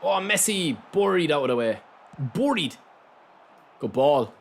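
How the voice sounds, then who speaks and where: A man's voice: a little high, sing-song, a little slow. A man with an Irish accent streaming a football video game, chatting casually and answering viewers directly. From Ireland. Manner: talks straight to chat, reads out and answers viewers' messages. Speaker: gaming streamer. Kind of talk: casual live-stream chat while playing.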